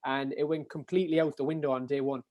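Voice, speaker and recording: Fast-talking Kerry Irish man. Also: mid-range voice. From Ireland. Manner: animated, swears casually, many fillers. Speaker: podcast guest, endurance athlete. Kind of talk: casual storytelling.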